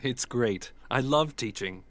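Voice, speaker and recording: A man reading a friendly teaching-job applicant in a scripted textbook listening dialogue, clear and even. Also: medium pitch, slow. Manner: clear, evenly paced, textbook delivery.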